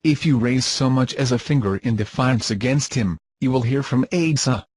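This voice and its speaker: A man's voice: mid-range voice, normal speed, a little mellow, slightly rough, no room sound. A man reading scornful, dismissive commentary in formal wording. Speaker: commentator being rebutted. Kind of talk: scripted insult commentary.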